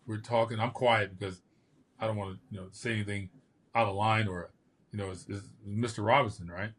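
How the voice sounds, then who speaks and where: This lively storyteller is an older former bodybuilder who hosts a podcast, and he performs the quotes as he casually spins his tales. He speaks a little fast, with a husky voice pitched fairly low.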